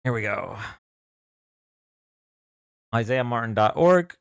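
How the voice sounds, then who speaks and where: A man's voice: mid-range voice, expressive, slow pace, vocal fry, smooth, no echo, studio quality. A young man hosting a casual livestream, chatting loosely and thanking viewers for donations as he goes. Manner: chatty, thanks donors, reads chat aloud. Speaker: livestream debate host.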